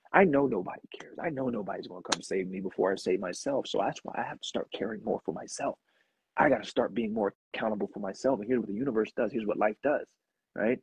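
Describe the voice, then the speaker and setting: A man hosting a motivational live talk, repeating his points and climbing to emphatic highs before dropping back to a low, steady tone. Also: creaky, husky, no echo, rough recording. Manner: preachy, repetitive, rising to emphatic highs. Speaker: live stream host.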